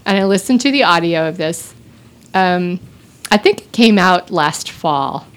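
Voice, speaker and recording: A woman's voice: on the low side, expressive, a little slow. A woman from Texas with a light Texan drawl, chatting casually on a podcast and laughing often. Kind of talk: casual chat.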